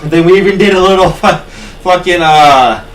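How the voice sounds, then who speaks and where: A man co-hosting a podcast, telling a story in casual chat, animated and swearing often. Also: sits high, fairly quick. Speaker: podcast co-host. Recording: distant mic with faint noise.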